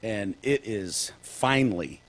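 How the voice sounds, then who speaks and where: Sarcastic Detroit podcast co-host. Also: male voice, on the low side, lively intonation, slow pace, fairly bright tone. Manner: sarcastic, acts out voices in bits. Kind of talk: casual comedic chat.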